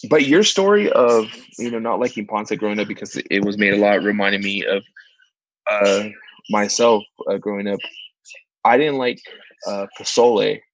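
A man co-hosting a casual chat, telling stories with lively, much higher put-on voices for the people he quotes. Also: moderate pace, dry recording, lo-fi sound. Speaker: podcast co-host, church ministry worker.

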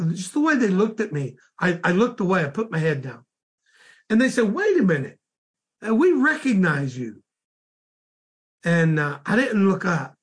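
A man, a minister, slowly recounting a dream in a sermon, halting and repeating words as he goes. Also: high-pitched.

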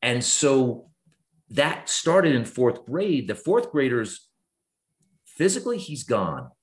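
A man in his fifties, a guest author, talking earnestly and reflectively in a podcast conversation. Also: slow. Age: 50s. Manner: earnest, reflective, lively swings in pitch when explaining.

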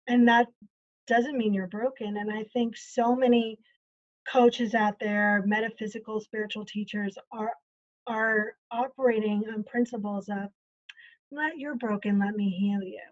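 A woman's voice: mid-range voice, dull audio. A woman coach talking earnestly in a casual interview, acting out quoted conversations as she explains.

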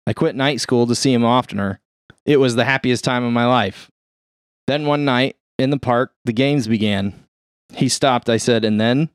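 A man reading a first-person story aloud in a steady, plain-spoken way. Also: mid-range voice, moderate pace, smooth, no echo, studio quality. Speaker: reader.

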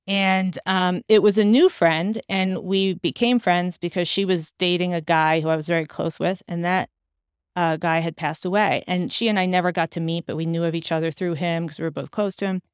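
A middle-aged woman hosting a podcast, telling personal stories in casual chat with animated delivery. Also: lowish voice, moderate pace, smooth, no room sound, studio quality. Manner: animated, acts out quoted dialogue. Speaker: podcast host.

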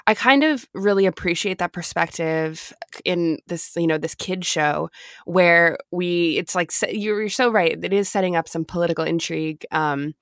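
A woman's voice: fairly low pitch, moderate pace, dry recording, studio quality. A woman in her twenties co-hosting a podcast, chatting casually, laughing often and restarting her sentences. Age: 20s. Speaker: podcast co-host. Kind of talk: casual chat.

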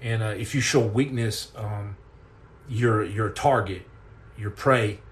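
A middle-aged man hosting a podcast, telling a personal story in an earnest, intense way, halting and repeating words as he goes. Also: on the low side. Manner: earnest and intense, acts out quoted lines.

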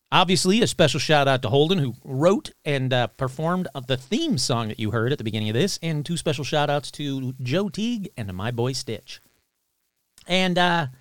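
A man hosting a paranormal podcast in a casual, chatty way, reading shout-outs and joking with himself. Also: fairly high pitch, dry recording, studio quality. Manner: chatty, animated, talks to himself. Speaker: podcast host.

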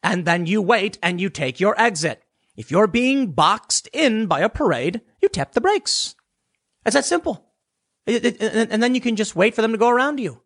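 A man's voice: high voice, expressive, moderate pace, fairly bright tone. A man ranting as a political commentator, sarcastic, dismissive and blunt. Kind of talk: casual opinion rant.

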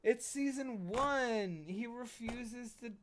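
A man co-hosting a casual podcast chat, emphatic and excitable, swearing freely and bumping the desk mic. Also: very high-pitched, slow, a little hiss or hum. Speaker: podcast co-host. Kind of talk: casual pop-culture chat. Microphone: desk mic, bumped while he hits the desk.

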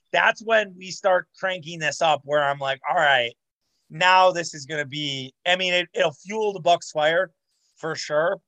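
A man's voice: fairly high pitch, a bit bright, poor audio. Rambling, profane man in casual chat. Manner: loose, profane, rambling with fillers. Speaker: podcast co-host.

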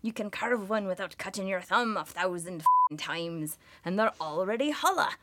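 A woman's voice: mid-range voice, expressive, normal speed, background noise, lightly acted. A woman voicing a rowdy, crude group of newly arrived Irish immigrants in a jokey mock-Irish accent. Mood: excited. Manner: exaggerated, brash, crude.

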